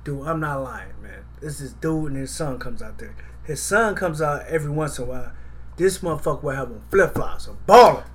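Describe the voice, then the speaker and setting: A man in casual podcast chat, telling stories in a profane, animated way. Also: on the high side, brisk, a little hiss or hum.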